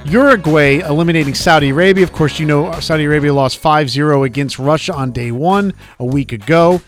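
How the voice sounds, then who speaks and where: A man's voice: fairly high pitch, a little fast, faint music behind. A man co-hosting a sports talk radio show, chatting loosely and reading out the segment rundown.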